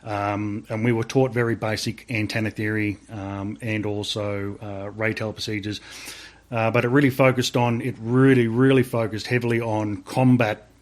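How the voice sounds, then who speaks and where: A man's voice: fairly low pitch, little pitch movement, normal speed. Swearing Australian man telling army stories. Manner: swears freely, rambling with many fillers. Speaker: guest, army veteran. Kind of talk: casual storytelling interview.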